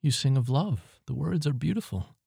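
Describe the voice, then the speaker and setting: A man's voice: medium pitch, animated, normal speed, vocal fry, dark tone, breathy edge, dry recording, pitched above the performer's own voice, heavily acted. A nervous young woman, as a male narrator puts her on, her voice lifted well above his own. She stammers and pleads, unsure of herself, in a dry, close storybook reading. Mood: gentle. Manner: hesitant, pleading.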